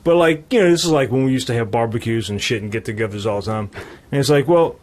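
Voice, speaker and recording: A man's voice: mid-range voice, fast talker, a little mellow. A man co-hosting a podcast in casual chat, laid-back and profane. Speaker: podcast co-host.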